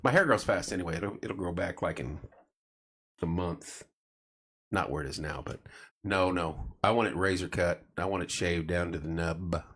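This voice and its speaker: Middle-aged male host, lowish voice, chatty and animated, does quick voices for people in his stories. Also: slightly rough. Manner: animated storyteller, acts out quoted voices. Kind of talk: casual late-night chat.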